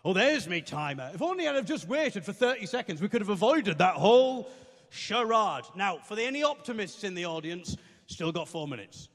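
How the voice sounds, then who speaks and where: A man's voice: high voice, big pitch swings, fairly quick, a bit bright. A British man doing stand-up comedy with dry, self-deprecating asides, recorded live. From Britain. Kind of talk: comic song then stand-up. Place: university venue stage. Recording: live in a reverberant hall.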